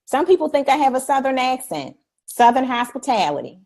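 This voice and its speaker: A middle-aged woman hosting a live stream, talking in an energetic, preachy way, repeating "y'all" and acting out polite phrases. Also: sits high, brisk. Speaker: host. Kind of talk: energetic livestream talk.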